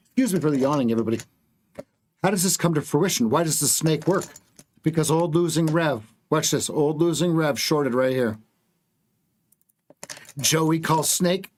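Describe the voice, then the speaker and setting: A man coaching viewers through live trading on a stream, excitable, repeating words and joking with the chat. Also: fairly high pitch, slight background noise.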